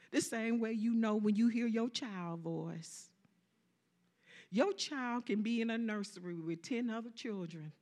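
A woman preaching a sermon, calling out to the congregation and repeating lines for emphasis, swinging from loud to soft. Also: fairly high pitch.

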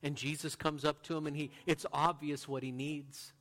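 An earnest male pastor preaching with a slightly high voice. He pushes some lines out loud and emphatic, then drops to a near hush. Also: level tone, moderate pace. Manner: earnest, swings from loud to hushed. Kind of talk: sermon.

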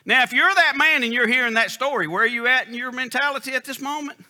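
A man's voice: very high voice, fast talker, hardly any pauses, bright, forceful tone. A man preaching a sermon in an emphatic, folksy storytelling style. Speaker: pastor.

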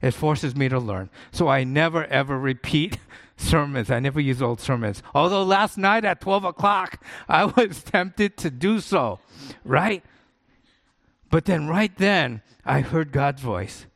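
A middle-aged pastor preaches a sermon earnestly and conversationally, repeating his key points for emphasis. His male voice is a little high, expressive and a bit bright, and he speaks a little slowly.

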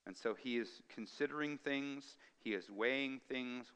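A man preaching a sermon as pastor, swinging from hushed, drawn-out phrases to loud, emphatic ones. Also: medium pitch, clean tone, long reverb tail.

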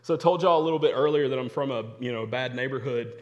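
A man's voice: mid-range voice, quick pace, dull audio. A young adult man preaching a sermon, telling stories and repeating phrases for emphasis. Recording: long hall reverb.

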